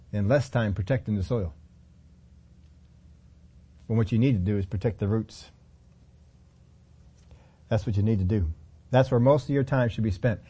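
A man's voice: mid-range voice, mellow, breathy edge. A middle-aged man preaching a sermon as pastor, emphatic, repeating phrases and acting out quotes.

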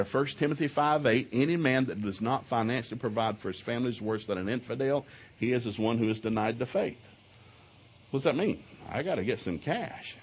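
A man's voice: mid-range voice, breathy edge. A middle-aged man teaching at a marriage seminar, telling folksy stories and acting out both sides of arguments. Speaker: seminar speaker. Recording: live audio of a seminar talk.

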